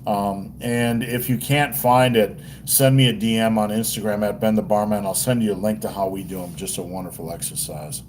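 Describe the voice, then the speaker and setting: A man's voice: on the low side, fairly even intonation, moderate pace, few pauses, a little hiss or hum. A man hosting a casual livestream, rambling and joking with crude language. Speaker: livestream host.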